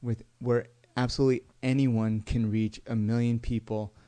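A man co-hosting a casual podcast chat, easygoing and quick to laugh. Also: mid-range voice, flat delivery, mellow. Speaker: podcast co-host.

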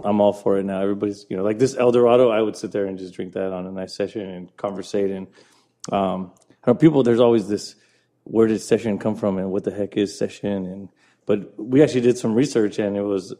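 A man with a lowish, mellow voice chats eagerly about beer. He talks in quick bursts and trails off, in a relaxed podcast conversation. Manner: enthusiastic, chatty, laughs easily. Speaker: podcast host. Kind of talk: casual beer chat.

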